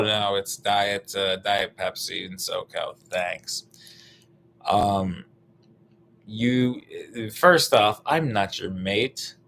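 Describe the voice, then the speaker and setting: A young American man doing a rambling, profane stand-up bit, full of fillers and restarts, now and then bursting into loud put-on voices. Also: lowish voice, slow pace, vocal fry, a little hiss or hum. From United States. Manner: meandering, profane, lots of fillers, sudden shouted bits. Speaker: stand-up comedian.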